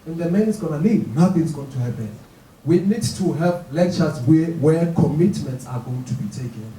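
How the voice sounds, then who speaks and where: A man in the audience making a comment from the floor of a lecture hall, speaking in a halting way and restarting his words. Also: fairly high pitch, lively intonation, dark tone. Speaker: audience member. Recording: echoey hall, far from the mic, faint noise.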